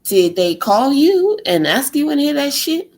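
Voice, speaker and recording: On poor audio, a female vlogger with a high-pitched, darkish, very animated voice rants at a moderate pace. Exasperated and sarcastic, she swears heavily, fires off rhetorical questions, and mocks people in a put-on voice.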